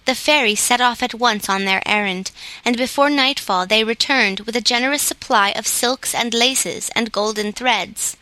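Woman audiobook narrator, steady storytelling, bright tone, slightly high pitch. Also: moderate pace, few pauses, no room sound. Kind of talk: scripted narration.

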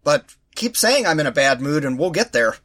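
This male podcast co-host, his voice a little high and at normal speed, vents sarcastically in a casual chat. He acts out the annoying people he quotes, and there's background noise in the recording.

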